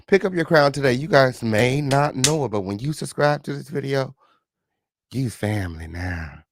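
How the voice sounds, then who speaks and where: A man hosting a casual livestream, greeting viewers with flamboyant, sing-song shout-outs and sassy, profane chatter. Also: mid-range voice, animated, moderate pace, no room sound. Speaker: livestream host.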